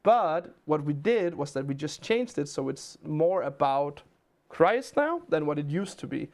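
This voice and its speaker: Danish guy on a game stream, kinda high voice, rambles through stories and chat questions. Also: sing-song, unhurried, a little mellow. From Denmark. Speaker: livestream host. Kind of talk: casual livestream chat.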